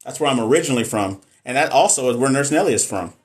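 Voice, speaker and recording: A man's voice: medium pitch, animated, fast. A man from Texas, chatting casually and jokingly on a live stream as a nurse educator, reading and answering viewer comments.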